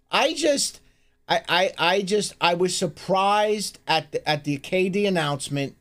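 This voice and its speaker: A man co-hosting a live stream, talking sports in a casual, animated way, swearing and stumbling over restarts. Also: sits high. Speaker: streamer co-host.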